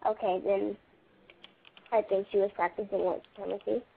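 Hesitant woman caller; flat, slow, phone line. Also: medium pitch, creaky, a little hiss or hum. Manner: hesitant, halting. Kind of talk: call-in talk.

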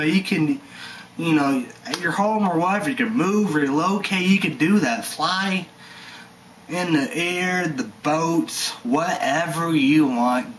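A man who reviews energy drinks gives a rambling, heated vlog rant, swearing and relying on "you know" and "stuff like that." His voice is a little high and fairly bright, with slight background noise and poor audio.

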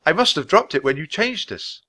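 Man voicing a young boy, storybook, cautious, quiet, hushed, thoughtful. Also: fairly high pitch, big pitch swings, fairly quick, voice pushed up, exaggerated voice. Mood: worried.

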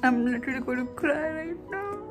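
A young woman chats her way through a casual vlog, gushing and full of fillers. Her voice sits a little high. Background music runs clearly beneath her. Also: animated, fairly quick. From India. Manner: gushing, chatty, lots of "like" fillers. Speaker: book vlogger.

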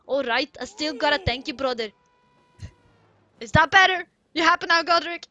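A woman reading game lines as a boisterous male rock-creature miner, putting on a loud, mock-gruff attempt at an Irish accent. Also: sits high, fairly even intonation, fairly quick, muffled recording. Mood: hearty. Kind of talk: reading game dialogue aloud in a put-on voice.

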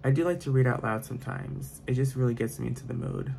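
During a makeup tutorial, this man, a beauty vlogger, talks casually as he applies his makeup on camera, airing opinions and drifting into tangents. He speaks fast in a medium-pitched voice that's gravelly yet mellow, over slight background noise.

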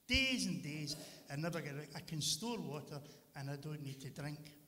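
Plain-spoken storybook camel voiced by a man, lively delivery, roomy hall echo. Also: a little high, moderate pace. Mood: explaining. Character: matter-of-fact camel.

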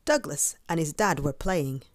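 A woman reads a children's picture book aloud, expressive and pausing to ask the young listener questions. Her voice is a little low but swings widely in pitch, and she takes her time. The recording is dry and close. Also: no echo. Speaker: storyteller. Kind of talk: children's story read-aloud.

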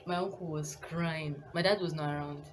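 Speaking at a moderate pace in a low, steady voice, this young Nigerian-accented vlogger rambles through a casual storytime, correcting herself and laughing frequently. The background is noisy, with music underneath.

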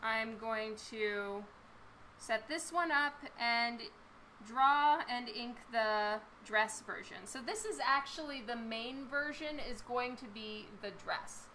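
Woman artist talking to stream chat, slow easygoing pace, kinda hoarse, faint hum behind. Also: on the high side, bright, forceful tone, rough recording. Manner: chatty, laughs often, reads and answers chat. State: hoarse, losing her voice. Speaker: comic book artist live-streaming. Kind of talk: casual live-stream chat while drawing. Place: home studio with a fan running.

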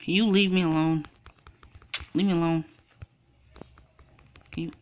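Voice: mid-range voice, steady tone, measured pace, pauses often, a little hiss or hum. A gaming channel creator giving casual gameplay commentary, ranting with frustration, swearing and repeating the same complaints. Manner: frustrated, swearing rants with much repetition.

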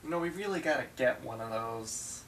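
A young man hosting a comedic solo vlog, playfully bickering with himself and jumping into higher voices. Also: expressive, fairly quick, a bit bright, far from the mic. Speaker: vlogger.

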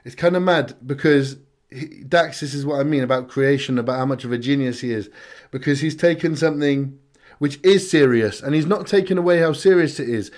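A man hosting a music reaction video, talking casually in slang with excited bursts of hype. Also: a little high. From United Kingdom.

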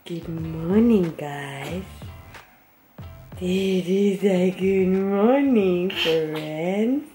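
A woman's voice: fairly low pitch, extremely slow, dark tone, soft background music. An Australian woman vlogging at home in a guest room, chatting into a handheld camera and using playful sing-song baby talk with her son. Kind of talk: casual home vlog.

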